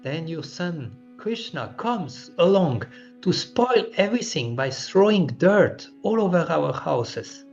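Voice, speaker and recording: Exasperated village women listing their grievances, as a male reader gives their words. The delivery is slow and unhurried yet lively in pitch. The sound is dull and lo-fi, with faint music behind. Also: vocal fry, exaggerated voice. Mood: complaining.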